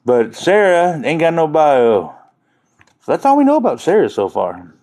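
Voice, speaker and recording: A man's voice: on the high side, sing-song, moderate pace, mellow. Rambling, jokey man live streaming. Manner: rambling, jokey, talks to chat viewers. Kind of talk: casual live-stream chat.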